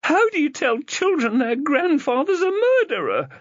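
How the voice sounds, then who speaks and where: A man voicing a distraught adult woman, an anxious sister, in a high, fluttering, tearful voice, in an audiobook. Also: huge pitch swings, normal speed, no echo, exaggerated voice. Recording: dull, dry lo-fi recording.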